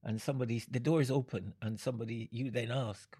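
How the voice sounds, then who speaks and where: An older man answering audience questions, explaining his points in an unhurried, halting way and chuckling between them. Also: mid-range voice, steady tone, gravelly, mellow, slightly rough. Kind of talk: Q and A talk.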